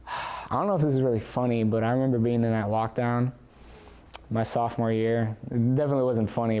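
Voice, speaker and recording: A teenage boy answering interview questions for his school yearbook, relaxed and hesitant, with many fillers and restarts. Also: on the low side, clear, resonant tone. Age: teens. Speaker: student interviewee.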